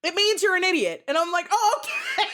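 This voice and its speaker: A woman's voice: very high voice, big pitch swings, a little fast, pushed and bright. A woman streamer chatting casually, acting out her own reactions as she tells stories, swearing freely and laughing often. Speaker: streamer host. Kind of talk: casual chat over a voice call.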